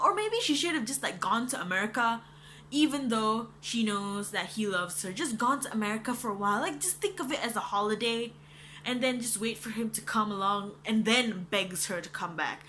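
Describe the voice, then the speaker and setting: An animated young woman rants through a book review in a casual chat. Her voice is bright and fairly high, she swears freely and says "like" a lot, and a faint hum sits behind her. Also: moderate pace. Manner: animated and ranting, swears freely, many likes.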